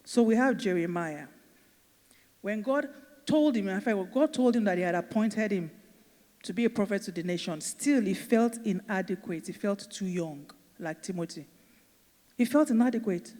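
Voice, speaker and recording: A woman's voice: mid-range voice, lively intonation, moderate pace, mellow. A woman giving a faith-based empowerment lecture, emphatic and repetitive, firing off rhetorical questions. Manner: emphatic, repeats key phrases, asks rhetorical questions. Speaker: motivational speaker and teacher. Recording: echoey hall reverb.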